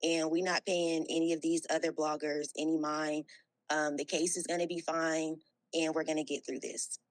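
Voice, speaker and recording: A woman calling in to a livestream, speaking in a calm, earnest, encouraging way. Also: low-pitched, moderate pace, no room sound, poor audio. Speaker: caller. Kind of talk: supportive call-in talk.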